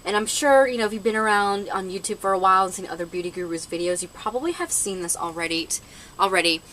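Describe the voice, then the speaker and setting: A woman's voice: medium pitch, quick pace, fairly bright tone, a little hiss or hum, low-quality recording. A woman doing a casual makeup haul review, chatty and hesitant, with lots of fillers and self-corrections. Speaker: beauty vlogger.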